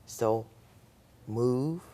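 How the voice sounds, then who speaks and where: A woman's voice: a bass voice, drawn-out words, warm tone. An older woman, a guest on a talk show, telling a personal story and acting out the voices of the people in it.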